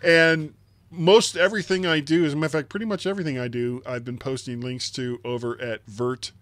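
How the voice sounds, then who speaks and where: A man's voice: on the high side, steady tone, fairly quick, fairly bright tone, no echo. A man hosting a casual tech podcast, chatty and self-deprecating, laughing often. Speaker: podcast host. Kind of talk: casual chat.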